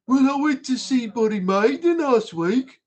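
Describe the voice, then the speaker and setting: A man imitating a bored Birmingham man with a flat, deflated Birmingham accent. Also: extremely high pitch, measured pace, exaggerated voice. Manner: droning, deflated, monotone.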